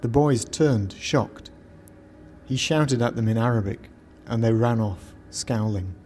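A man narrating a scripted story in a steady, measured way. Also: mid-range voice, slight background noise.

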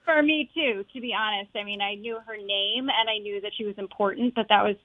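A stage actress appears as a guest in a casual interview, talking earnestly and chattily with plenty of fillers. She has a mid-range voice, speaks fairly quickly, and comes through a tinny, phone-like line.

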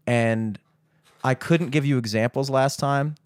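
A young man rambles through a podcast, swearing freely as he rants. His voice sits at an ordinary middle pitch, and the recording is dry and close, with no room echo. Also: a little slow, clean tone. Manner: rambling, profane, ranting. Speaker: podcast host. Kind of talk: casual chat.

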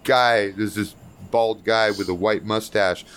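A man's voice: fairly low pitch, fairly even intonation, a little slow, a bit bright, smooth. A man narrating as game master in a tabletop game, in a loose, profane, chuckling way.

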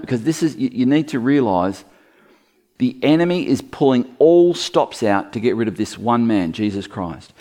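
A man preaching a Bible sermon in a conversational way, acting out quoted lines. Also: medium pitch. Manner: lively, conversational, acts out quotes.

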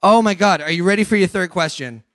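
A man hosting a radio call-in quiz, excitable and playfully teasing, cheering his caller on. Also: high voice, fast, no echo, clean studio sound. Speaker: radio show host.

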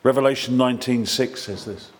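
A man preaches a sermon with excitable, animated energy and self-deprecating humour. His voice is medium-pitched and fairly quick.

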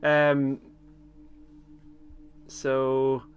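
A man's voice: medium pitch, monotone, extremely slow, slight background noise. Chatty man with a mid voice. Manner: chatty, laughs often, hesitant with many ums. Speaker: podcast co-host. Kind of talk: casual chat recapping a TV episode.

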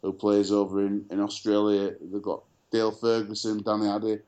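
A man's voice: lowish voice, completely flat delivery, normal speed, a little mellow. A man co-hosting a casual sports chat show, telling stories full of fillers and restarts. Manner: chatty storyteller, many fillers and restarts. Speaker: podcast co-host.

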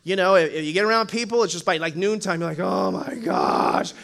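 A male pastor preaching a humorous sermon in church, telling animated stories and acting out voices with frequent laughter. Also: high-pitched, racing. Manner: animated storytelling, acts out voices, laughs often.

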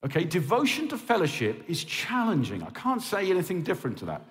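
Impassioned pastor in a reverberant hall. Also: male voice, high-pitched, huge pitch swings, brisk. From England. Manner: impassioned and pleading, with frequent "okay?" check-ins. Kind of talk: sermon.

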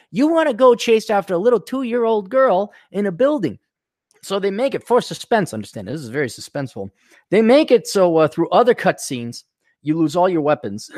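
A man's voice: a little high, no echo, clean studio sound. A man hosting a podcast, ranting sarcastically and swearing, often mocking characters in put-on voices. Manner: swears, animated and indignant. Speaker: podcast host. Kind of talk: casual ranting monologue.

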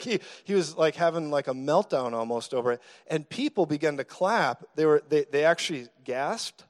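A man preaching a sermon, telling stories in an animated, joking way with sudden loud bursts. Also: fairly high pitch, normal speed, few pauses. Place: church meeting hall.

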